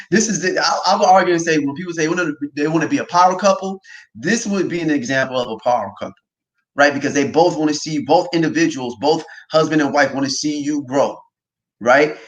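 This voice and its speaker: A man hosting a casual faith talk livestream, animated and often laughing, tagging lines with "right?". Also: fairly high pitch, highs cut off. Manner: animated, quick to laugh, repeats himself, says "right?" often. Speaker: podcast host.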